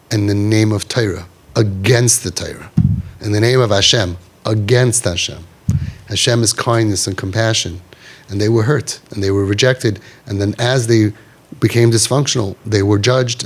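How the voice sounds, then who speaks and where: A middle-aged man leading a parents' group, talking emphatically and repeating himself, with Yiddish and Hebrew words mixed in. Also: medium pitch. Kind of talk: animated talk to a parents' group.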